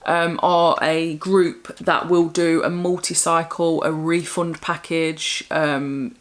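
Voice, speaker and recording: A woman's voice: low-pitched, little pitch movement, takes it slowly. A young adult woman from England chatting candidly and in a rambling way as a vlogger. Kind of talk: casual chat.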